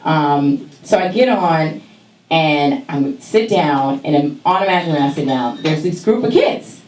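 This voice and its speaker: Animated woman telling a story on stage. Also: measured pace, echoey room, recorded from a distance, rough recording. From California. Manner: animated, laughing, acts out voices with big pitch jumps. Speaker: stand-up comic telling a story. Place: stage in a small venue.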